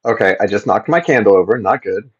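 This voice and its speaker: A man's voice: fairly low pitch, lively intonation, quick pace, noisy background. A man from Florida hosting a casual tarot livestream from his home, chatting and rambling, often repeating words and greeting viewers by name. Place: home, indoors. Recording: slightly dull livestream audio.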